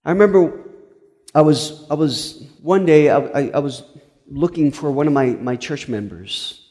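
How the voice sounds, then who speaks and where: A man's voice: a little high, lively intonation, a little slow, warm tone, big-room sound. A male pastor telling a story in a sermon, earnest, with frequent stumbling restarts.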